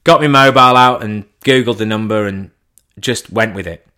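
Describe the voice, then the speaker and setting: A man's voice: on the low side, normal speed, bright, forceful tone. A man telling a cheeky anecdote casually, swearing and acting out the dialogue. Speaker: storyteller.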